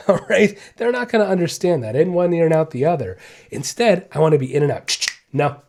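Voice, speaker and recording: Animated husky-voiced male podcast host. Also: a little high, brisk. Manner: animated, repeats points, asks "right?" and "okay?". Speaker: podcast host and dog trainer. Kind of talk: casual instructional podcast talk.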